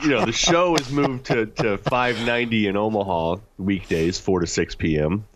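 A man's voice: normal speed, a crowd in the background. A man co-hosting a sports talk show from his home office, bantering casually and laughing often. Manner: animated, laughing, jumps between high and low pitch.

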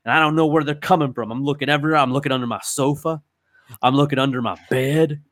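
A man telling a rambling comedy story in a gruff, ungrammatical, slangy way. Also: mid-range voice, fairly even intonation, fast talker, fairly bright tone, no echo.

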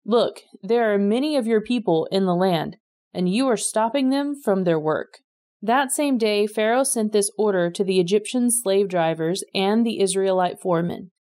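Lady reading bible chapters aloud, steady and measured, mid-pitched. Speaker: scripture reader.

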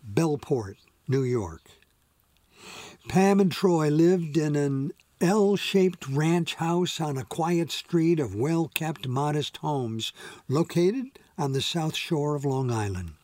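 A man reads a story aloud in a measured, gentle way, taking his time over each line. His voice sits a bit high for a man, and the sound is close and dry. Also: dry recording. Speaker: audiobook narrator. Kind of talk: scripted narration.

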